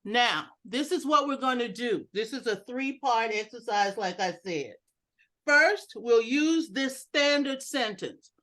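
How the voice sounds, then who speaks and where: A woman giving an instructional talk over a video call, deliberate and emphatic, joking about her own lack of technical skill. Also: animated. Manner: deliberate, varies pitch and loudness for emphasis. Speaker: educational speaker at a club meeting. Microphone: video call computer mic.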